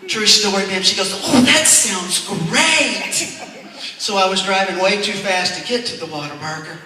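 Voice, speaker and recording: Speaking fast in a high, bright and forceful voice, a middle-aged man tells funny stories at a church, chuckling and calling listeners sir and ma'am. The stand-up set is recorded with a distant mic in an echoey hall.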